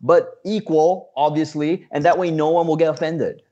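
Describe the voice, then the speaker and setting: A man plays a comedy news correspondent with an indignant, ranting delivery and a scatter of uh fillers. His voice sits slightly high, and the recording sounds a bit dull and lo-fi. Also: steady tone, normal speed, mellow. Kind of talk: scripted comedic banter.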